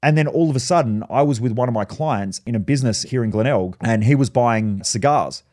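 Aussie guy ranting on his podcast, blunt and sweary, middle pitch. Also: fairly quick, a little mellow. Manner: blunt, profane storytelling. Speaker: podcast host. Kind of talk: solo podcast monologue.

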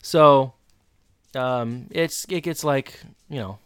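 A man in casual podcast chat, retelling scenes with animated, tumbling energy. His voice sits in an ordinary middle register. The sound is close and dry, with no room around it. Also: medium pitch, smooth, no room sound. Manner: animated storytelling, retelling scenes in quick bursts. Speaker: podcast co-host. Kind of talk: casual chat recapping TV episodes.

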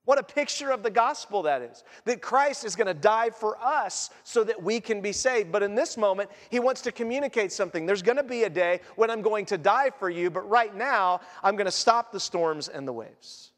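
A man, a pastor, preaching a sermon in an animated way, acting out the scenes and voices of the story he tells. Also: high voice, moderate pace, hardly any pauses, long reverb tail.

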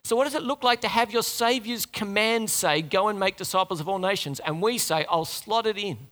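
A man's voice: sits high, fairly quick, a bit bright. A man preaching a sermon to his congregation in a conversational way, asking them questions and talking to them directly.

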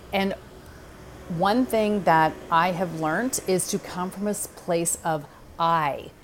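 A woman's voice: fairly low pitch, slight background noise. A middle-aged woman hosting a podcast, talking through advice in a direct, conversational way and checking in with "okay?" and "right?". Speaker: podcast host. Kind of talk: casual advice talk.

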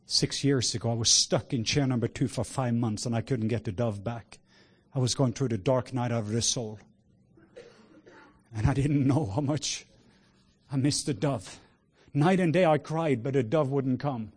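A man preaching a sermon with passion, moving between hushed words and loud exclamations. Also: mid-range voice, normal speed, breathy edge. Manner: sprinkles in laughter and cries of "whoa".

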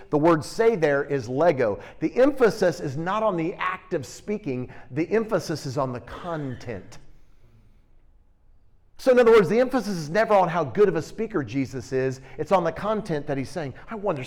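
A middle-aged man preaching a sermon, teaching with animated, emphatic bursts and storytelling. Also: fairly high pitch.

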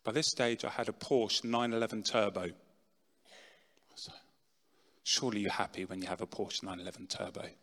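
A middle-aged man giving a dramatic personal testimony talk, swinging from loud, pushed lines to hushed ones. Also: on the low side, normal speed, long pauses. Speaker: speaker telling his testimony. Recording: long reverb in a large hall.

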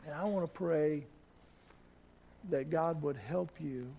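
In church, a middle-aged pastor with a slightly high, gravelly voice tells a story from his life within his sermon. Words get repeated often, and he slows down and quiets at the tender parts.

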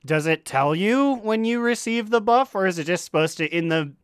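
A man's voice: sits high, animated, moderate pace, clean tone, no room sound, clean studio sound. A man co-hosting a casual gaming podcast, joking and reacting playfully. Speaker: podcast co-host.

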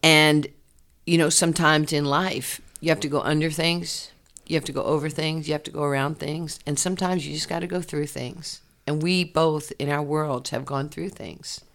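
A woman, a former athlete telling her life story in an interview, animated and laughing often. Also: low voice, moderate pace, few pauses. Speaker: interview guest, former basketball player. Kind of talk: candid personal storytelling.

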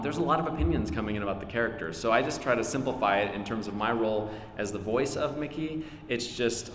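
At a live convention panel, a middle-aged voice actor answers questions in a chatty, self-deprecating way, laughing often. His voice is medium-pitched with a little hiss or hum, recorded in an echoey hall with faint crowd ambience.

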